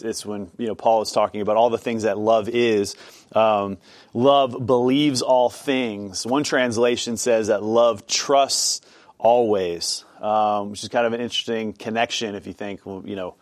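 A man's voice: lowish voice, dry recording. A man leading an informal Bible study class, chatty and self-deprecating, with many fillers.

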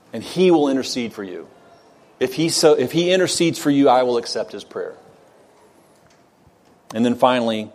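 A man's voice: mid-range voice, a little mellow. Earnest male pastor preaching. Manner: earnest, emphatic, asks listeners rhetorical questions. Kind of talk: expository sermon.

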